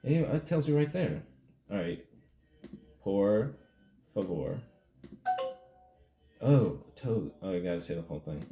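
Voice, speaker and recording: A man hosting a mock language tutorial, rambling in deadpan with feigned confusion. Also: on the low side, a little slow, long pauses. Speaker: comedic video host. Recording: roomy sound with faint music.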